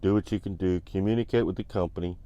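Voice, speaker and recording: A man's voice: low-pitched, steady tone, fast, mellow, no echo. A man telling a trucking story in a blunt, laid-back way, full of "you know". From United States. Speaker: trucking vlogger. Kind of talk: casual storytelling.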